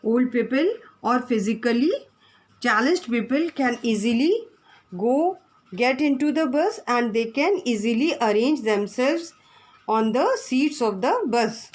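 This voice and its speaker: A woman's voice: a little high, expressive, a little slow, a little mellow. A woman teacher, giving a lesson to children and spelling words out letter by letter.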